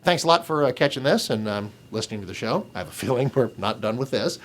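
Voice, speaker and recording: A man, a radio talk show host, giving an opinion video blog monologue in a sarcastic, mocking way, swinging between loud scorn and low asides. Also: expressive, fast talker, slight background noise.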